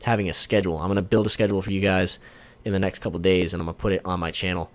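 A young man streaming a video game, chatting casually and rambling, breaking into sudden excited shouts and swearing. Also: deep voice, racing. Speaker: gaming streamer. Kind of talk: casual live-stream chat.

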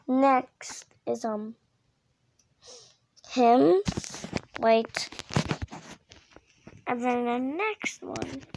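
A woman's voice: a little high, extremely slow, gravelly, long pauses, darkish tone, a little hiss or hum. A woman vlogger in casual chat, explaining her voiceover voices in a hesitant way, full of ums and restarts.

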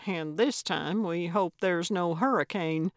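A woman voicing a feisty, self-assured older female sleuth, brash and excitable, in a storybook reading. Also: on the low side, measured pace, no echo, clean studio sound.

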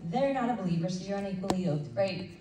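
A woman leading a women's ministry breakfast, preaching in a conversational, animated way and acting out little asides. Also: mid-range voice, fast. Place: church event room. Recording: roomy hall sound from a distant mic with faint noise.

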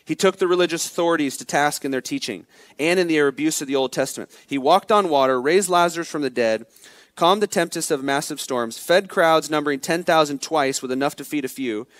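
A male pastor delivering an expository sermon, driving his points home with emphasis and dropping to a quiet intensity. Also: fairly high pitch, a little fast, no echo. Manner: emphatic preaching, swings from loud exhortation to quiet intensity.

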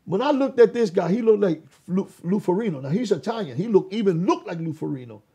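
Gravelly, very raspy older man. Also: high voice, lively intonation, fast talker, mellow. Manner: re-enacts dialogue, repeats words and restarts often. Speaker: interview guest, former gang leader. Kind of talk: animated personal testimony.

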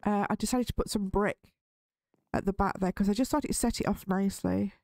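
A woman's voice: medium pitch, steady tone, a little fast, gravelly, a little mellow, no echo. Gaming host, female, easygoing let's-play patter, jumpy in scary moments, dry close sound. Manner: chatty, easily spooked, nervous laughs. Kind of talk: relaxed Minecraft let's play commentary.

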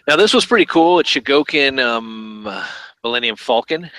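A man's voice: mid-range voice, lively intonation, normal speed, pushed and bright, clean tone, no room sound, rough recording. A man hosting a podcast, chatting casually and thinking aloud with fillers about collectible toys. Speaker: podcast host.

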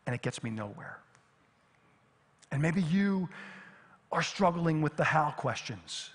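A middle-aged man preaching a sermon as pastor, swinging from lively emphasis to hushed, near-whispered repetitions. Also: mid-range voice, husky. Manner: dynamic, drops to near whisper on repeated phrases. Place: church sanctuary. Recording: long reverb of a church hall.

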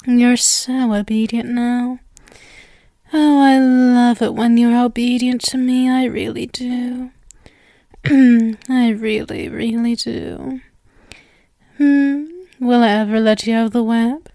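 A possessive female arachne coos and soothes in a whispered role-play, as a woman puts her on. Her voice is mellow and a little high, unhurried and sweetly menacing. The sound is dry and close. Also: fairly even intonation, no room sound. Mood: doting. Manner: soft, slow, sweetly menacing cooing.

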